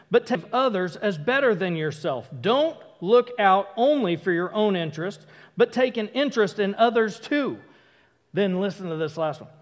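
A man preaching a casual sermon, talking conversationally, breaking off mid-thought and acting out quick asides. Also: sits high. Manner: conversational, self-interrupting, acts out quick asides. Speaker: pastor. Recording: hall reverb.

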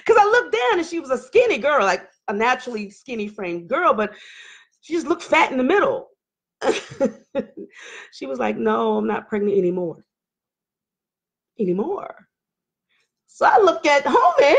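A woman's voice: sits high, moderate pace, long pauses. A woman hosting a live talk show, telling a personal story casually to her audience and acting out what others said, often laughing. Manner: animated, acts out quotes of others, laughs often.

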